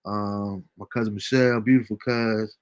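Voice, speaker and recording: A man hosting a casual livestream show, reading out viewer comments with a relaxed, chuckling manner. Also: lowish voice, moderate pace, smooth, muffled recording. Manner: laid-back, chuckling often, fillers like um. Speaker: host.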